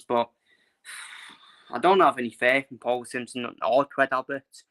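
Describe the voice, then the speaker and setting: Speaking at a moderate pace with long pauses, a young man with a medium-pitched, fairly bright voice rants casually in his football vlog. He's frustrated and blunt, repeats himself and swears.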